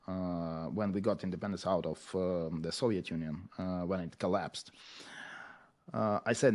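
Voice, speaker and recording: A man from Ukraine with a Ukrainian accent, speaking English as a second language, talking earnestly and haltingly with many fillers as an interview guest. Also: low-pitched, lively intonation, a little mellow. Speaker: podcast guest, agriculture educator. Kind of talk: emotional interview talk.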